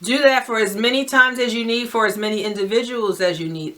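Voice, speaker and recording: A New Jersey woman with a local accent gives emphatic, direct life advice to camera as an advice vlogger, often checking in with "right?". Her voice is a little high, and she talks briskly and naturally loud.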